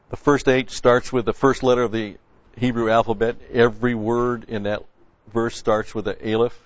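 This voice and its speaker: A man's voice: mid-range voice, dry recording, muffled recording. A man preaching a conversational sermon, folksy and blunt, quoting scripture and restarting his sentences often.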